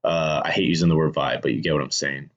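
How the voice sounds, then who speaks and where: A man's voice: a bass voice, steady tone, fast talker, lo-fi sound. A man explaining how he revises a screenplay in a casual, thinking-aloud way, with frequent restarts and fillers. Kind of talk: casual instructional talk.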